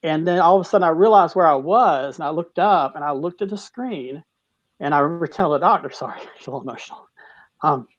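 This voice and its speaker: A middle-aged man speaks in a fairly high voice, halting and restarting as he recounts something personal and heavy. The sound is dry and dull, like lo-fi call audio. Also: no echo. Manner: halting, with many restarts, tearful at moments. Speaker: guest, cancer survivor. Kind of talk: emotional personal story in a talk-show interview.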